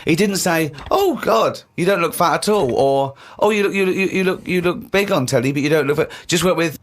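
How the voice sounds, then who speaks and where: A man telling an anecdote on a podcast in a flat, matter-of-fact way. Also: fairly high pitch, fairly quick. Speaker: podcast guest.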